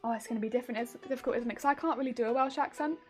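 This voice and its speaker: A woman's voice: on the high side, rapid-fire, soft background music. A woman streamer chatting casually with her viewers, laughing often and restarting her sentences.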